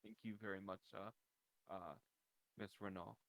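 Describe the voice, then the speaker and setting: A man's voice: low voice, fairly even intonation, moderate pace, gravelly, a bit bright, poor audio. A man playing a tabletop game, speaking in character in a hesitant, businesslike way. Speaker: player. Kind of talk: in-character role-play.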